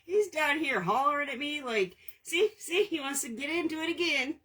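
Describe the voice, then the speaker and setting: A woman's voice: high-pitched, lively intonation, fairly quick, pushed and bright. A woman, chatting casually with viewers as she hosts a crafting livestream from home, laughing often.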